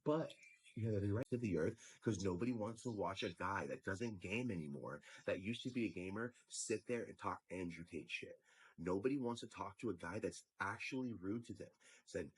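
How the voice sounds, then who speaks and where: A man with a very deep, husky voice recounts a dispute in an exasperated rant. He slips into acted-out quotes of what was said to him. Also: normal speed, low-quality recording. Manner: exasperated, acts out quoted lines. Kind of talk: storytelling rant.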